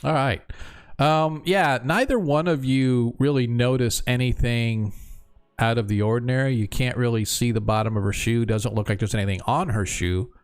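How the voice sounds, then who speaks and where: A man's voice: mid-range voice, steady tone, normal speed, clean tone, faint music behind. Rambling male game master. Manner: rambling, lots of fillers, casual. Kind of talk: narrating a tabletop game.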